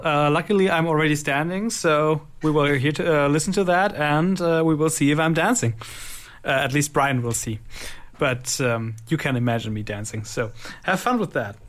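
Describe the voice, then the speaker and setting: A man's voice: fairly high pitch, a bit bright. A man hosting a casual radio interview, upbeat and chatty. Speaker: radio host.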